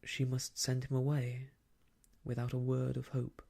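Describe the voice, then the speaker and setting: A man softly reading an old novel aloud for ASMR, hushed and slow, slipping into whispers, close to the mic. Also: mid-range voice, monotone, creaky. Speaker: storyteller.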